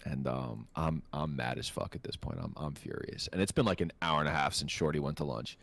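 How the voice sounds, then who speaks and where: A man hosting a podcast, telling a rambling, profane story in casual chat and getting animated when he quotes others. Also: a bass voice, brisk, vocal fry, no echo. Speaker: podcast host.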